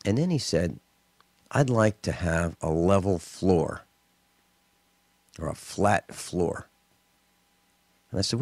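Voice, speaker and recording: A man hosting a talk radio show, telling stories and ranting in an indignant, animated way with mocking asides. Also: deep voice, dry recording.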